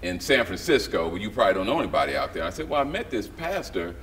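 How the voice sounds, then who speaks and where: A man's voice: lowish voice, fast talker. A middle-aged man, a writer and director, telling stories as a guest in a casual interview and acting out the voices of people he quotes. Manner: animated storyteller who acts out quoted voices. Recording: slightly distant mic with faint background noise.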